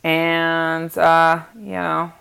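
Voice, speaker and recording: A woman's voice: low-pitched, little pitch movement, drawn-out words, creaky, a bit bright, clear, resonant tone. A woman co-hosting a casual gossip podcast, talking bluntly and sarcastically with lots of swearing. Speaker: podcast co-host.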